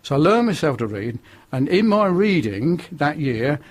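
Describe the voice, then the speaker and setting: A man's voice: a little high, big pitch swings, moderate pace. An older man from northern England, a radio interview guest telling his testimony in a forthright, preachy way.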